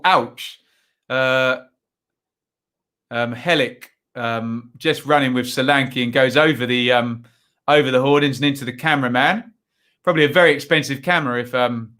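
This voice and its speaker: A man's voice: mid-range voice, moderate pace, pushed and bright. A man hosting a live football watchalong, giving chatty, rambling commentary full of asides and tag questions. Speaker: watchalong host.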